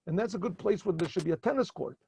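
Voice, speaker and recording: A man voicing a wise, kindly old holy man who speaks calmly and reassuringly. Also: high-pitched, fast talker, vocal fry, slightly rough, full character voice. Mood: calm certainty.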